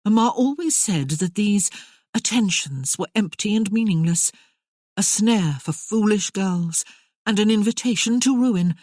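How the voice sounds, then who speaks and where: A woman's voice: medium pitch, expressive, unhurried, darkish tone, no room sound, studio quality, pitched above the performer's own voice. A woman playing a flippant, poised young widow. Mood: earnest. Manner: light, airy and dismissive.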